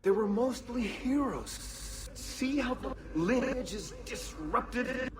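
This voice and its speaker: A man voicing a cryptic figure from a video game's hidden puzzles, speaking in slow, ominous riddles. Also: very high voice, expressive, heavily acted. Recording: noisy game audio.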